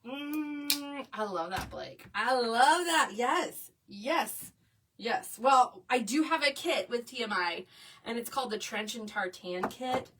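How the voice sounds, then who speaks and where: A chatty woman leads a live crafting tutorial, gushing over her materials and chatting with her viewers. Her voice sits on the higher side. She is heard from a little away from the microphone. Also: lively intonation, slow, fairly bright tone, distant mic, a little hiss or hum. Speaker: craft instructor. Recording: voice a bit away from the mic.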